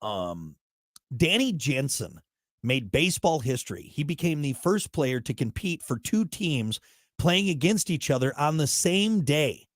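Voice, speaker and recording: Lively joking male morning-show host. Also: on the high side, a little slow, no echo, clean studio sound. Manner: joking, rambling, animated. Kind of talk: casual morning show banter.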